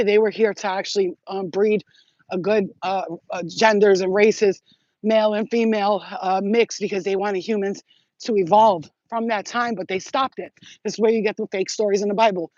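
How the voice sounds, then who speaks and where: A woman talking straight to her viewers in a rambling, excitable, profane monologue full of street slang. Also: mid-range voice, fairly quick, dry recording, highs cut off. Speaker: spiritual vlogger.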